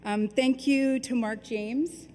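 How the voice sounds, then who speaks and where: A woman hosting an awards ceremony, speaking warmly with frequent ums as she thanks winners and crew. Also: fairly high pitch, fairly even intonation, slow. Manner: warm, chatty, with frequent ums. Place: large hall at an awards ceremony. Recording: reverberant hall with faint noise.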